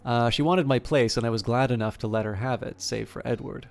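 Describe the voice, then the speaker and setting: A man voicing a gentle adult woman who speaks calmly and chides her husband mildly. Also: medium pitch, fairly quick, vocal fry, natural voice.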